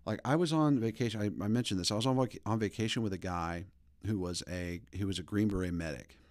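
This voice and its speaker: A man in his thirties hosting a podcast, telling stories in a rambling, animated way. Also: on the low side, fast, dry recording, clean studio sound. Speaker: podcast host. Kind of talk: casual opinion talk.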